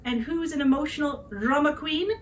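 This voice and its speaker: A woman in her forties vlogging a personal story. She talks in a dramatic, chatty way and keeps checking in with tag questions. Her voice sits slightly high. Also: moderate pace, a little hiss or hum, low-quality recording. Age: 40s.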